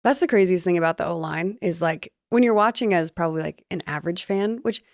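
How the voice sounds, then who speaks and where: A woman's voice: fairly low pitch, fast, no echo, clean studio sound. A woman co-hosting a casual sports podcast, bubbly and self-deprecating, laughing often. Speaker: podcast co-host.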